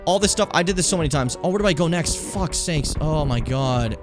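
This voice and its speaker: A man's voice: fairly high pitch, expressive, brisk, music in the background. A man streaming a game live, talking casually in a rambling, profane way while he plays.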